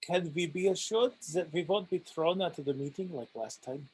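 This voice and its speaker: Un hombre interpreta a un presidente de consejo pedante y discutidor con un acento ruso exagerado a propósito. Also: male voice, fairly high pitch, moderate pace, husky, voice pushed down, poor audio. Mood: argumentative. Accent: deliberately bad Russian accent. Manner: pedantic, argumentative. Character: stubborn pedantic male council chairman. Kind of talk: comic re-enactment.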